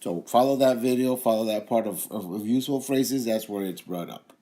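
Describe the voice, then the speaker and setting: A man walks learners through a grammar point. He talks in a relaxed instructional way, pausing on fillers and repeating example phrases slowly. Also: fairly low pitch. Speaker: language trainer. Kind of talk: instructional explanation.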